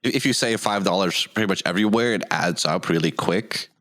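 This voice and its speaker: Low-voiced young man in dry chat. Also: a little fast, fairly bright tone, no room sound. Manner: stammering restarts, chiming in with opinions. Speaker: podcast co-host. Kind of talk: casual chat.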